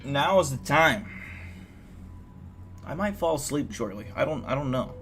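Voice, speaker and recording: A man's voice: medium pitch, expressive, measured pace, fairly bright tone, slight background noise. A tired young man hosting a livestream, chatting casually with viewers in a rambling, profane way, full of restarts. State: tired, yawning. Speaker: livestream host. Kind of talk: casual chat, reacting to viewer messages.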